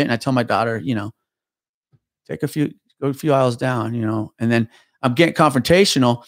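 Profane retired cop telling a story. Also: male voice, mid-range voice, quick pace, dry recording, clean studio sound. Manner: profane, animated retelling with many restarts. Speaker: guest, retired police officer. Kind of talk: casual podcast storytelling.

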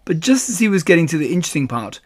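A man narrating a children's storybook with calm, even storytelling. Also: on the high side, racing.

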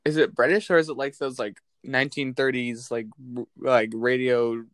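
A teenage girl co-hosting a podcast, chatting casually with playful, halting restarts. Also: a bass voice, steady tone, no echo. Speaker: podcast co-host. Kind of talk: casual chat.

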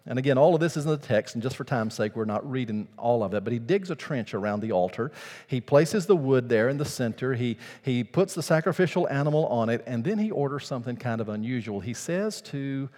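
A male pastor preaching a sermon, swinging from hushed, quiet lines to loud, fervent outbursts in a rhythmic preacher's cadence. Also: medium pitch, animated, a little fast, big-room sound.

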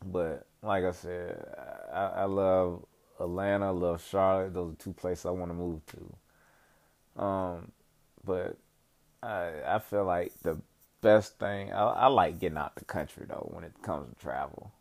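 A man's voice: low-pitched, steady tone, unhurried, vocal fry. A young man rambling casually about his life, swearing often and leaning on slang and "you know what I'm saying.". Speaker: vlogger giving life updates. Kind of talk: casual profane monologue.

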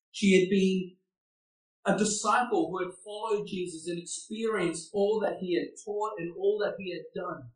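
High-voiced preacher in an echoey hall. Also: male voice. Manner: earnest, with rhetorical questions. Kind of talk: sermon. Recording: echoey room, far from the mic.

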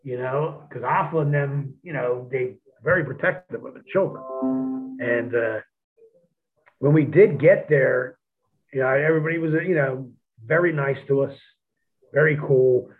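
A man telling profane, animated stories about his days as a wrestler in a casual chat. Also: mid-range voice, a little slow, faint music behind. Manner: profane, animated, acts out quotes of others. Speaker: podcast guest, former wrestler. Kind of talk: casual storytelling. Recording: tinny phone-like line.

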